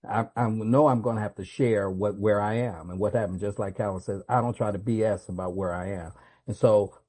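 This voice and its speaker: Low, mellow-voiced man telling his story. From United States. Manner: earnest, confessional storytelling. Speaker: guest speaker at a recovery meeting. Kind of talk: answering a question at an online meeting.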